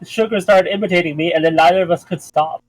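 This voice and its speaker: Someone in casual group chat on a voice call, with measured, slightly formal phrasing. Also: medium pitch, fairly even intonation, faint music behind, rough recording. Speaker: stream co-host.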